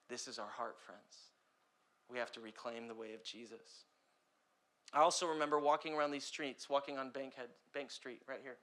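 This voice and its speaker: A young man delivers a sermon as a pastor, his voice bright and forward. He preaches with passion, surging loud on urgent points and dropping low and hushed on others. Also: fairly even intonation, moderate pace. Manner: impassioned preaching with big swings between loud and quiet.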